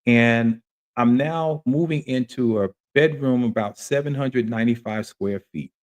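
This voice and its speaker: A man hosting a podcast, sharing a personal story in an earnest, animated way. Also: medium pitch, a little slow. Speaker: podcast host. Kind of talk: casual testimony chat.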